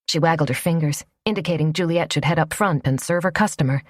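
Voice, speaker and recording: A woman reads a romance audiobook from a script, telling the story in a measured, even way. Her voice is low, and the recording is dry and studio quality.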